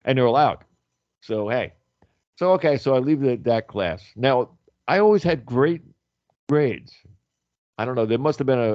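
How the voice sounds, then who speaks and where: Loud, animated storytelling man. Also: mid-range voice, dry recording, muffled recording. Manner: loud, animated storyteller who acts out quotes. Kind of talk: casual radio chat.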